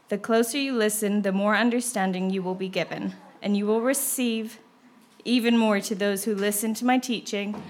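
A woman reading a scripture passage aloud in a steady, measured way. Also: mid-range voice.

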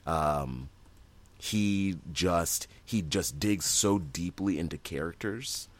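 A man's voice: sits low, takes it slowly. A man co-hosting a podcast in casual chat, talking enthusiastically with lots of fillers and restarts. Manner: rambling, many fillers and restarts. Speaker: podcast co-host.

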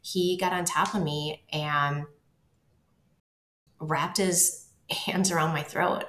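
A woman telling her own story as an interview guest, halting and repeating words as she goes. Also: low voice, fairly even intonation, a bit bright, a little hiss or hum. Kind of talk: personal storytelling. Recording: roomy echo.

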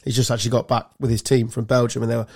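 A man's voice: medium pitch, very fast, creaky, husky. Sweary English podcast man. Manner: swearing storyteller, animated anecdotes. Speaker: podcast co-host. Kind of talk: casual chat.

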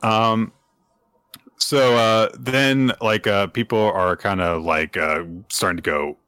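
A man co-hosting a casual podcast, retelling a chapter in a chatty way with lots of fillers and pitch jumps for quoted lines. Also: steady tone, slow pace, fairly bright tone, clean tone, no room sound. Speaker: podcast co-host. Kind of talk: casual chat recapping manga chapters.

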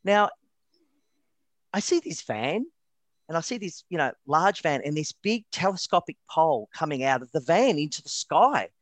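Australian male guest, lively anecdotal storyteller, dry recording. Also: on the high side, moderate pace, dry recording. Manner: animated, lively anecdotes with stammered repeats. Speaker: interview guest, retired wedding photographer. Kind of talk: casual storytelling.

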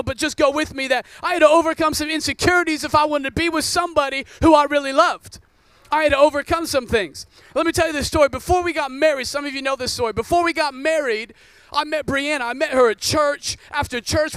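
A man's voice: very high-pitched, a bit bright, dry recording. A man in his thirties, a pastor, preaching a sermon and telling a joking personal story.

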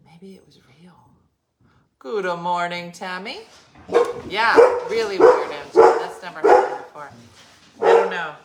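A woman's voice: mid-range voice, wildly swooping pitch, moderate pace. A woman hosting a casual live stream from home, chatting in a rambling way with lots of fillers. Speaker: livestream host.

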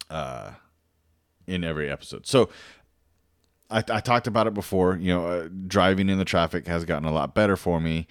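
Male podcast host, middle-aged, low-pitched, loose conversational storyteller, dry recording. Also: smooth, no echo. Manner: rambling, many fillers and restarts. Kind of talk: casual storytelling monologue.

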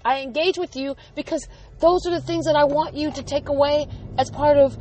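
A woman's voice: high-pitched, steady tone, fairly quick, darkish tone, soft background music, low-quality recording. A woman, likely in her forties, candidly telling a personal story as a mother, earnest and emphatic as she recalls her own firm words.

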